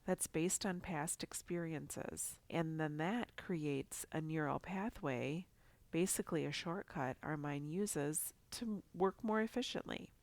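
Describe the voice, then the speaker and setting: Low, gravelly-voiced woman with a congested nose. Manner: calm, encouraging coaching tone. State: congested, nasal from a cold. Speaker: podcast host. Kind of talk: scripted podcast talk.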